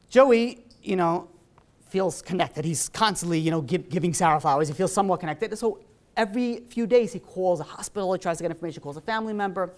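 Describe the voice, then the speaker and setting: A man, a rabbi, telling a story in a sermon in a casual, animated way, full of "you know" and "like". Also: high-pitched, fast.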